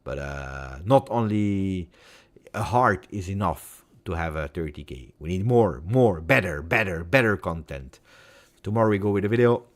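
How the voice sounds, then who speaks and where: A man with an Italian accent chatting on his own live stream, his voice low in pitch but very lively in its rise and fall. He talks in an emotional, heartfelt way, repeating words and moving between loud bursts and near-whispers. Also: moderate pace. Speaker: football fan channel host. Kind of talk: casual live-stream chat.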